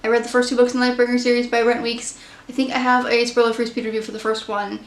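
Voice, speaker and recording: A woman's voice: on the high side, level tone, fast, echoey room. A woman casually chatting through her monthly book reviews, candid and opinionated. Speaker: book vlogger.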